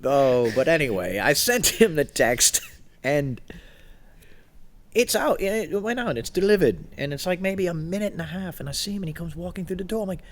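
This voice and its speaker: A man's voice: fairly high pitch, lively intonation, a little fast. A man co-hosting a podcast, telling a meandering story in a loose, casual way. He laughs often and slips into other people's voices when he quotes them. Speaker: podcast co-host. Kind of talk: casual chat.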